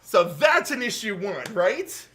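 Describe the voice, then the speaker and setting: A man co-hosting a casual podcast, recapping a comic book and acting out the characters' lines in quick voices. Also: high voice, very animated, a crowd in the background. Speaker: podcast co-host.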